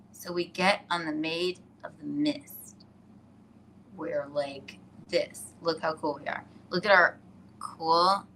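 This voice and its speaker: A woman hosting a casual live stream from her iPad, telling stories in an excitable, rambling way and laughing often. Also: deep voice, slight background noise.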